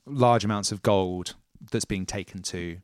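A man narrating a tabletop game as game master, with measured storytelling and casual asides. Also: fairly low pitch, no room sound, studio quality.

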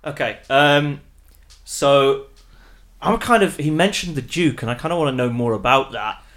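A man at a tabletop game who keeps pausing and filling the gaps with little words. His voice sits at an average pitch. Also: fairly bright tone. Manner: hesitant, full of fillers. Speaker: player.

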